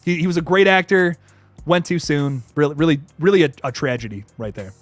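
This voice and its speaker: Excitable, high-voiced male streamer. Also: fairly quick, dry recording, faint music behind. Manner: excitable and swearing, with frequent laughs. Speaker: horror movie channel host. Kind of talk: casual livestream chat reading super chats.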